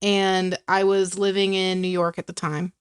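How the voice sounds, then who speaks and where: A woman's voice: lowish voice, little pitch movement, normal speed, clear, resonant tone, no room sound. Woman, Southern accent, casual podcast co-host, storyteller, dry close mic. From American South. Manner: chatty storyteller, laughs often. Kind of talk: casual chat.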